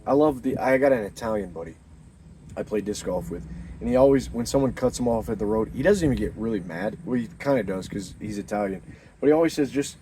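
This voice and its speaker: A man's voice: medium pitch, warm tone, slight background noise, low-quality recording. A young man giving rambling, earnest life advice in a casual motivational monologue, often restarting his sentences.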